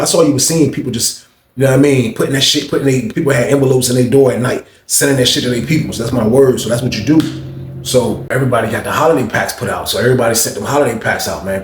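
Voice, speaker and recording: A man telling a story in a casual, slangy and profane way, talking straight to listeners. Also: mid-range voice. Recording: echoey room.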